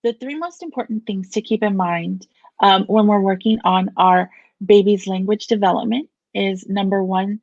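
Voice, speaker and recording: A woman therapist giving measured, explanatory answers in an interview, often pausing with fillers. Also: medium pitch, a little mellow, no echo, lo-fi sound. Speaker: family therapist and play therapist.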